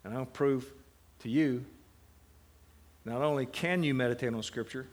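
Speaking unhurriedly at medium pitch, a middle-aged seminary lecturer teaches a class about Bible meditation, posing questions to students and answering them.

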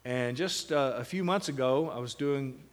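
A man teaching a class on meditating on the Bible, slowing down to stress single words and breaking into lively asides. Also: mid-range voice.

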